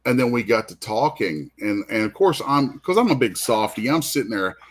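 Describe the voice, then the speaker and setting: In a medium-pitched, expressive voice at normal speed, a comic artist hosts an art show from a convention booth. His easygoing story drifts around yet comes from the heart, with many restarts.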